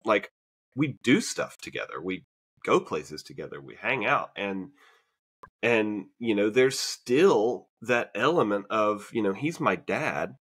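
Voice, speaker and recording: A man's voice: lowish voice, lively intonation, slow pace, fairly bright tone, husky. A man co-hosting a podcast, talking in a casual, reflective way with many fillers and restarts. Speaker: podcast co-host. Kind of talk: casual conversation.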